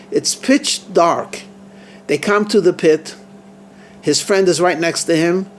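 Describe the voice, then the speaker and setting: A man, a rabbi, telling a story in an earnest, halting manner, often restarting his phrases. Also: high-pitched, slight background noise. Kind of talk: storytelling sermon.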